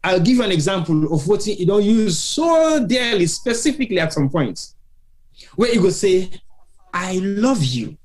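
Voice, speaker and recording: A man's voice: high voice, big pitch swings, normal speed, a little mellow. Emphatic Sierra Leonean man hosting. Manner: emphatic, repeats phrases for effect. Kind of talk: live talk show discussion.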